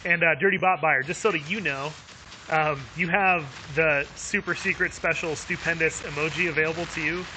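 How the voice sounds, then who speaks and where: Bright-voiced chatty gaming streamer man. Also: a little high, steady tone, normal speed, soft background music. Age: adult with young kids. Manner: chatty and upbeat, laughs often, many fillers. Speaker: game streamer. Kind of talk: live gameplay commentary.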